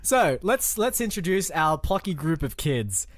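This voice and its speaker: A man co-hosting a podcast in casual comedic chat, throwing quick quips and finishing his partner's sentences. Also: on the high side, very animated, no echo. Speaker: podcast co-host.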